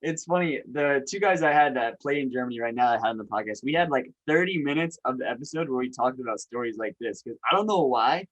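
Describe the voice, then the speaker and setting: A man's voice: mid-range voice, expressive, fast talker, few pauses, poor audio. Easygoing male podcast host. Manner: easygoing, agreeable, frequent fillers. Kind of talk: casual interview chat.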